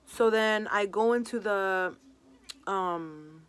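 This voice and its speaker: A woman's voice: medium pitch, a bit bright, clean tone. A young woman vlogger telling a personal story in casual chat, saying "like" constantly and dropping in Spanish words. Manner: chatty, fills every pause with "like"; mixes Spanish words into her talk.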